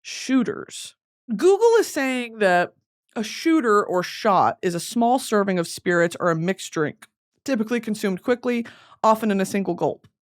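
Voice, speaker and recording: A woman's voice: mid-range voice, animated, normal speed. A young woman with a Southern US accent hosting a casual solo podcast chat, rambling and swearing through flustered outbursts. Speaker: podcast host.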